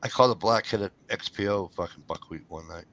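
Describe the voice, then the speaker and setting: A man's voice: on the low side, a little fast, sharp tone. A man telling profane stories in casual chat among friends, acting out the back-and-forth of each exchange.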